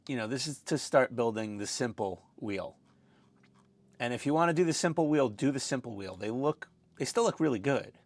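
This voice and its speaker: A man's voice: mid-range voice, no echo. A man giving casual, rambling commentary as he builds a scale model, chatty and self-deprecating.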